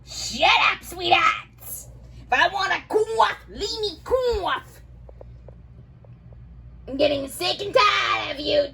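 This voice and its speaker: A woman's voice: high voice, moderate pace, vocal fry, few pauses, pushed and bright, a little hiss or hum, exaggerated voice. A woman voicing a bossy mother who scolds her grown daughters, switching between threats and pet names. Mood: irritated.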